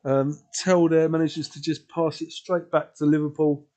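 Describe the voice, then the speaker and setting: A man's voice: a little high, level tone, moderate pace, mellow. A man co-hosting a live football watch-along, talking through the play in a laid-back way with dry asides. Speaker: co-host of a match watch-along. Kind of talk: casual live football commentary.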